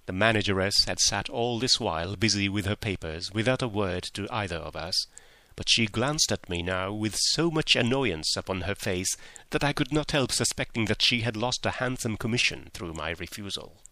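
A man reading a story aloud in measured scripted narration. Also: fairly low pitch, lively intonation, bright, forceful tone, dry recording. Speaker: audiobook reader.

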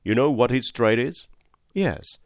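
A man voicing a principled cab driver and father in a storybook reading, speaking firmly and gravely. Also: medium pitch, animated, unhurried, no room sound, voice pushed up. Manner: firm, moralizing.

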